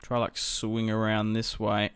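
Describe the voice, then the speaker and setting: A man's voice: on the low side, monotone, fairly bright tone, clear, resonant tone, no room sound. A young man giving casual commentary over a strategy game, thinking aloud as he plans his moves. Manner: thinking aloud, musing and unhurried. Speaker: gaming video host.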